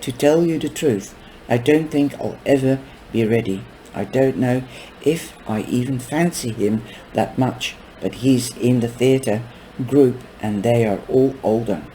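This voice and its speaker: A man reading aloud voicing a self-assured teenage schoolgirl in his own plain, slow, mellow voice. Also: medium pitch, slight background noise, lightly acted, rough recording. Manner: read plainly in the reader's own voice.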